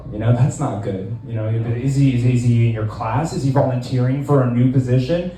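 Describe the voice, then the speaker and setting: A man in his twenties doing a stand-up set in a small club, deadpan and rambling, with lots of fillers. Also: medium pitch, moderate pace, very echoey, recorded from a distance, crowd noise, poor audio. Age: 20s. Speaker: stand-up comedian.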